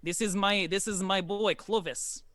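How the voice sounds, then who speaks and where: A man's voice: high-pitched, steady tone, unhurried, bright, forceful tone, no echo, voice pushed up. A man voicing a polite, formal woman who runs an inn. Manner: courteous, formal hospitality. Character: formal polite adult female innkeeper.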